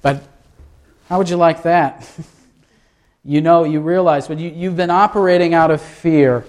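A man's voice: on the high side, steady tone, measured pace, darkish tone. A man preaching a sermon in a conversational way, asking his listeners rhetorical questions. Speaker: pastor.

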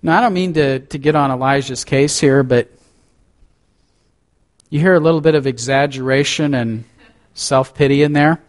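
A man's voice: mid-range voice, moderate pace, pauses often. A man preaching a sermon, reading scripture aloud with dramatic rises and drops and adding conversational asides. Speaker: pastor.

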